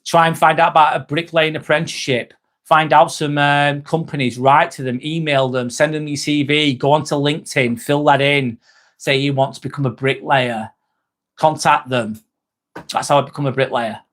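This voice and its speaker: A man's voice: on the high side, fairly even intonation, normal speed, fairly bright tone. A man hosting a live stream, reading viewer comments and giving earnest advice, often repeating himself. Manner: earnest, repeats himself, calls people mate. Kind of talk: casual live-stream chat.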